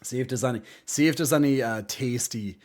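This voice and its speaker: A man's voice: medium pitch, brisk. A man streaming live, chatting casually in a joking, rambling way and swearing freely.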